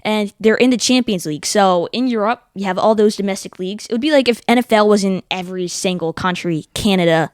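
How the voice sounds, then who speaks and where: A young man co-hosting a casual sports talk show, eagerly explaining teams and tournaments in quick runs of facts. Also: high-pitched, smooth, no room sound, clean studio sound.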